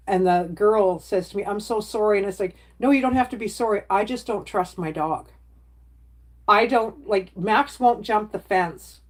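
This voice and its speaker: A woman's voice: mid-range voice, darkish tone. Middle-aged woman, casual livestream chat, rambling and chatty, webcam sound. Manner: rambling, chatty, reads out viewer comments. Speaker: livestream host chatting with viewers.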